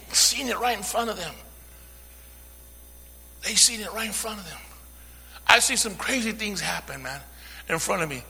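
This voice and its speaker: A man preaching a sermon, using call-and-response, swinging from hushed talk to shouting. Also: sits high, gravelly, slightly rough, in a large hall. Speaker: pastor.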